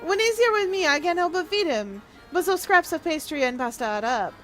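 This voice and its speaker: A woman's voice: very high voice, lively intonation, a little fast, fairly bright tone, soft background music, pitched above the performer's own voice. A woman doing a fussy, chatty train cook. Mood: pleading. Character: fussy, lonely man cook, rambling.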